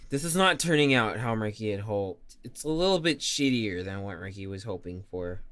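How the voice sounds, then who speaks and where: A man's voice: on the low side, expressive, normal speed, a bit bright. A young man streaming and chatting casually. He talks about himself in the third person and mocks himself. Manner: self-mocking and chatty. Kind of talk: casual live-stream chat.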